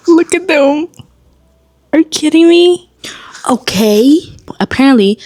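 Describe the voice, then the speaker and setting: A woman book vlogger chatting at home in an animated, exclamatory way, swearing freely as she reacts. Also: medium pitch, no room sound. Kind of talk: casual reading vlog.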